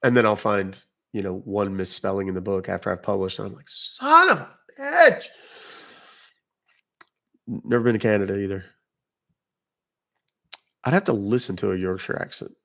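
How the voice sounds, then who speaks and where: Hosting a livestream, a British man from England chats loosely with viewers, rambling and cutting himself off as he answers them. His voice is gravelly and fairly low, with a steady tone and a slightly fast pace.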